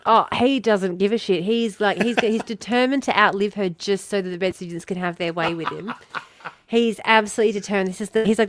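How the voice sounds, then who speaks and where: Speaking fairly quickly at a medium pitch, this Australian podcast host chats in a relaxed way. She tells lively stories, swears often, and laughs a lot.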